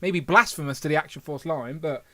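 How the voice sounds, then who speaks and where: A man's voice: a little high, fast, a bit bright. A man hosting a casual livestream, rambling and correcting himself as he reads the chat aloud. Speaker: podcast host.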